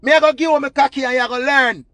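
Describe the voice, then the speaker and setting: High-voiced Jamaican man ranting. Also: steady tone, fast talker, dry recording. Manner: loud, profane, repetitive patois rant. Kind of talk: ranting monologue.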